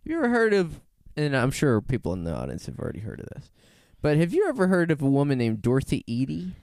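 Talking fast with vocal fry and a fairly high pitch, a podcast co-host laughs frequently as he animatedly rambles through a casual story, fixing his own slips. The studio-quality recording has no room sound.

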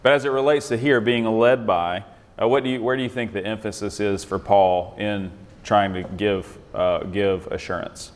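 In a large hall, a man with a voice on the low side and fairly even intonation teaches a group Bible discussion at a moderate pace. He talks conversationally, often restarting phrases and asking "right?"

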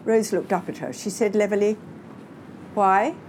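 A woman narrating a novel in a composed, expressive reading. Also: mid-range voice, a little fast, slight background noise. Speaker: audiobook narrator. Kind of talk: scripted narration.

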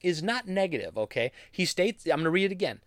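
A man's voice: high-pitched, quick pace, no echo, clean studio sound. A young adult man giving opinionated commentary, reading tweets aloud with an exasperated, sarcastic edge. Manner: animated, exasperated, sarcastic, with frequent laughs.

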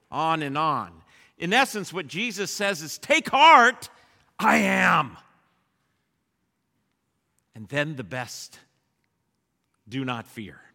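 A man preaching a sermon in a bright, high voice that carries a long reverb from the hall. He speaks slowly and swings from loud rallying calls to hushed lines. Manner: leads the congregation in a repeated refrain. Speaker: pastor. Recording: echoey church hall.

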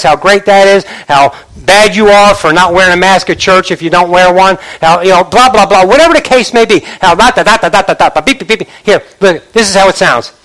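Pastor guy preaching, pretty high voice, lively, repeats himself a lot, does silly babble noises. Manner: animated preaching, repeats words for emphasis, mimics chatter. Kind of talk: sermon.

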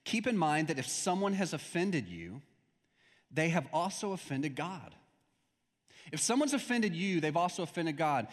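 A young man delivers a sermon in an easy, conversational way, dropping into stories as he goes. His voice sits a little high for a man. A long hall reverb trails behind every phrase. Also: big pitch swings, normal speed. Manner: conversational preaching with anecdotes and acted-out quotes. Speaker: pastor.

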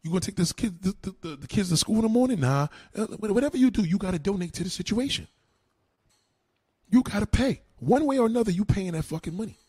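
Husky-voiced New man ranting. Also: high voice, lively intonation, fast, darkish tone, dry recording. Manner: combative, repetitive, heavy cursing and slang. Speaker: livestream host answering comments. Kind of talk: profane ranting commentary.

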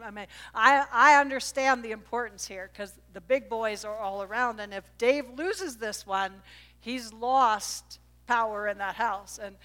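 A bright, clear-toned woman preaching to a congregation, her voice carrying through a large reverberant church hall. She is middle-aged and tells her stories with lively, animated energy. Her voice sits a little high. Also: unhurried. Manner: animated storytelling, voice leaps up at high points. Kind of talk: sermon with personal story.

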